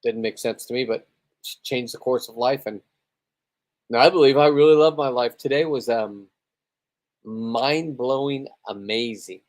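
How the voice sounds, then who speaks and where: A spearfisherman chats loosely on his own livestream, tipsy after a few beers, rambling, swearing freely, and bragging about his day. His voice is medium-pitched, a bit slow, and slightly mellow.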